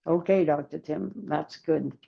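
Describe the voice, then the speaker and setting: Slow gravelly-voiced female caller. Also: low voice, highs cut off. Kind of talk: phone-in conversation.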